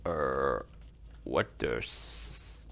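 A man's voice: extremely low pitch, very slow, creaky, fairly bright tone, a little hiss or hum. A young man giving rambling let's play commentary as he plays, talking to himself and swearing when things go wrong. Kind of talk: game commentary.

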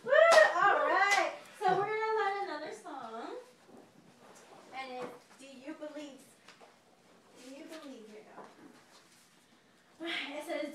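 A woman teaching a children's song, explaining the lyrics line by line. Her voice is high and bright, and it bounces around a very echoey room, picked up from far away with faint noise behind. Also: normal speed.

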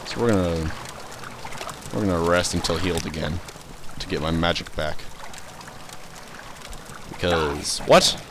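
A young man casually commentating his own gameplay, rambling, swearing and reacting loudly to what happens in the game. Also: low voice, a little slow, long pauses, background noise. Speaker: let's play host.

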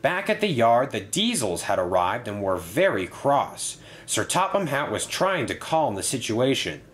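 A man narrating a toy-train story in a lively, expressive storybook style. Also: mid-range voice, measured pace.

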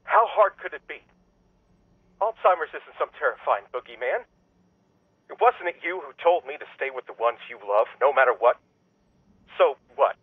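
An actor playing a resentful adult son who speaks in clipped, accusing lines over the phone. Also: male voice, a little high, lively intonation, normal speed, pauses often, husky, dry recording. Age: adult son with kids. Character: bitter grown son, cold and accusing. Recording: dry tinny phone line.

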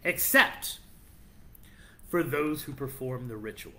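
A man's voice: medium pitch, takes it slowly. A man hosting a podcast, telling legends in casual, playful chat. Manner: animated storyteller, playful and teasing. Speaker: podcast host.

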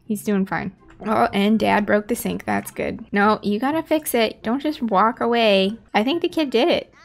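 A woman's voice: a little high, moderate pace, gravelly, faint music behind. A woman hosting a gaming video, chatting casually and reacting aloud as she plays. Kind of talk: casual gameplay commentary.

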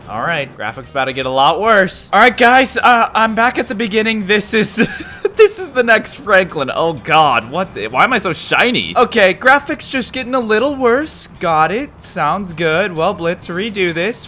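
Excitable young man yelling over gameplay. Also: on the high side. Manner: animated, yelps and laughs, swings between muttering and shouting. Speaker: gaming YouTuber.

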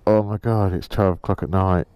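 A man's voice: low voice, fairly even intonation, moderate pace, warm tone, clean tone, dry recording. A man vlogging a motorcycle tour, sweary, joking and worn out. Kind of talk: casual vlog chat.

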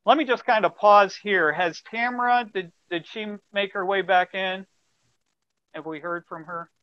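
A man with a fairly high voice presents slides in a webinar. He explains step by step, fills pauses with ums, and cues a colleague to advance each slide. The video-call audio is muffled and dry. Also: clear, resonant tone, no echo. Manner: explanatory, directs a slide operator, many fillers.

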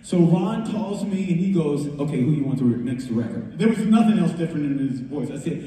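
Lively male storyteller, somewhat higher voice, heard from a distance in a reverberant room. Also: brisk, hardly any pauses. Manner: lively, acts out quotes with voices, laughs often. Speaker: music producer telling a story. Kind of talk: animated storytelling on a talk show. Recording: echoey hall, voice far from mic.

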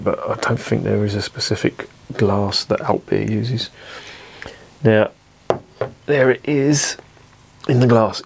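A man reviewing a beer in a casual vlog, meandering from tangent to tangent with plenty of ums. His voice sits a bit low, and his talk is chatty and unpolished with the odd swear word. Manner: rambling, chatty, with swearing and many fillers.

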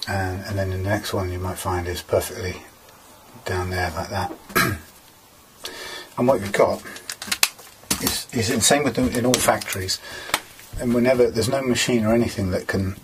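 Man, deep-ish voice, casual step-by-step repair talk, background noise, clicking tools. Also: fairly even intonation, moderate pace. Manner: rambling, explains step by step with fillers. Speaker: guitar repairer. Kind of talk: casual workshop tutorial.

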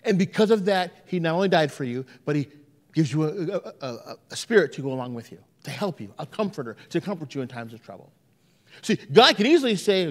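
A male preacher with a high voice that leaps up and down as he tells stories from the pulpit. He stumbles and restarts often, repeating words as he works toward his point. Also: fast, big-room sound. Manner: animated storytelling with repeated restarts. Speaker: pastor. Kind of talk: sermon. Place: church sanctuary.

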